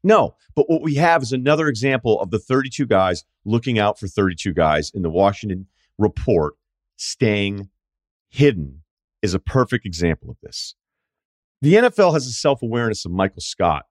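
A man's voice: lowish voice, lively intonation, normal speed, dry recording, studio quality. Sarcastic man ranting about sports. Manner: sarcastic, mocking impressions of others. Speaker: podcast host. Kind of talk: opinionated sports talk monologue.

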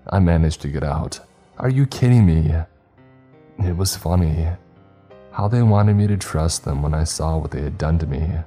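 A man reading a horror story aloud in a measured, dramatic first-person narration. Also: very deep voice, mellow, faint music behind.

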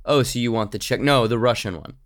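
A man's voice: medium pitch, brisk, close to an everyday voice. A man voicing a muddled older male president who babbles and stubbornly repeats himself. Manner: babbling, stubborn, going in circles.

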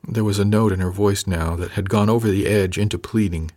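A man narrating a first-person audiobook in a calm, measured, gentle way. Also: fairly low pitch.

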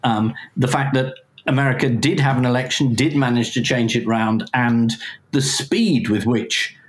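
A man's voice: medium pitch, normal speed. A man, a guest on a podcast, speaking in casual interview chat, hesitant with many ums and dry wry asides. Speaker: podcast guest, magazine editor.

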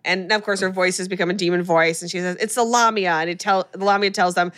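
A woman hosting a casual podcast chat, retelling a horror movie plot with animated storytelling and acted-out lines. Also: on the low side, fast. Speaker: podcast host recapping a film.

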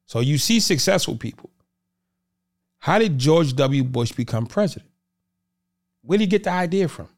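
A man from the Boston area talks as a podcast guest in an easy, conversational way. His voice sits slightly high and moves through a wide, lively range. He often slips into the voices of the people in his stories. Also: moderate pace, long pauses. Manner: animated, acts out quotes of others. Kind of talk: casual conversation, storytelling.

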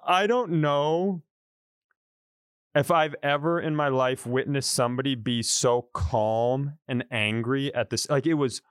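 A man's voice: mid-range voice, unhurried, clean tone, no echo, studio quality. A man in his thirties, a podcast co-host, telling a story in casual chat and acting out the quotes. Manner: animated storyteller, acts out quotes.

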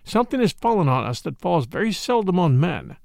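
Excitable middle-aged priest, man doing the voice, fervent and preachy, gravelly. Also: a little fast, no room sound, studio quality, exaggerated voice. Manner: fervent, raised pitch when preaching.

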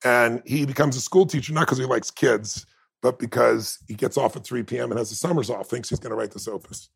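A man's voice: mid-range voice, steady tone, fairly quick, gravelly, slightly rough. A man talking as a guest in a conversation, telling stories in an intense, heartfelt, emphatic way. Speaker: podcast guest. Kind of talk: emotional storytelling in conversation.

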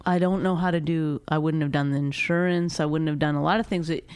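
A woman's voice: sits low, fairly even intonation, a little fast, darkish tone, clean tone, no echo. A woman in casual chat who teases and mocks her partner and laughs often. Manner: teasing, mocking, laughs often.

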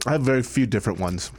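A man's voice: medium pitch, slight background noise. A man co-hosting a casual podcast over food, joking and self-mocking as he talks. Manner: joking, self-mocking, bursts into loud laughter. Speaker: podcast co-host.

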